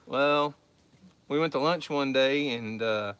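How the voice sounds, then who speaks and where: Speaking slowly with a smooth, slightly bright, medium-pitched voice and no echo, a man from South Central Oklahoma hosts a homestead channel. He fields viewer questions in casual chat, drifting into a rambling story and repeating words.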